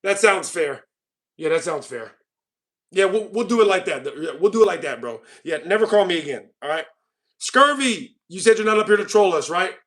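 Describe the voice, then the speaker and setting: Male streamer host; high, tense voice; ribs callers, repeats himself. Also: big pitch swings, normal speed, a bit bright. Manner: teasing, mock-furious, repeats lines with "bro". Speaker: livestream host. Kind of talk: casual livestream chat with callers.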